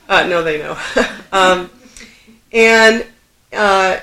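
A woman's voice: mid-range voice, very slow, long pauses, bright, forceful tone, some chatter behind, slight background noise. Woman, middle-aged, live storytelling, self-deprecating, laughing, roomy echo. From Southern California.

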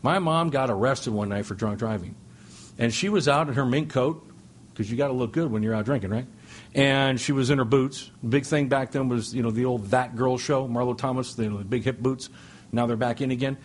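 A middle-aged man speaking to a recovery meeting, telling stories with jokes and sudden excited jumps in his voice. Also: fairly quick, slight background noise. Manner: animated, joking, with sudden high-pitched exclamations. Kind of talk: humorous storytelling share. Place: speaking before a meeting audience.

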